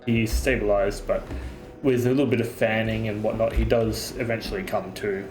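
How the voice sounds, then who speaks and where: A man from Australia runs a tabletop game as dungeon master, narrating in a lowish voice with halting pauses and fillers. The room echoes around him and faint music plays underneath. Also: little pitch movement.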